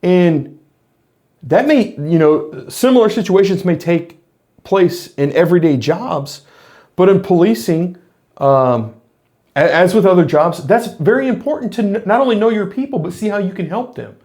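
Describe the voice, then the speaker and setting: A man's voice: high voice, lively intonation, moderate pace, a little mellow. A middle-aged man, a former police officer, talking earnestly in a reflective monologue to camera, explaining his points with frequent restarts.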